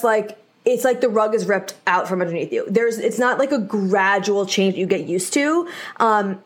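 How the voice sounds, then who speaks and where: Chatty young woman, candid podcast talk. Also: mid-range voice. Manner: chatty, candid, many "like" fillers; addresses listeners directly, reassuring. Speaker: podcast host. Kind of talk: casual solo podcast talk.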